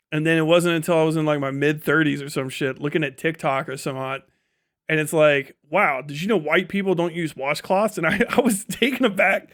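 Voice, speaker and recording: A middle-aged man hosting a livestream, talking in a casual, animated rant with frequent swearing and incredulous outbursts. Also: a little high. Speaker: livestream host.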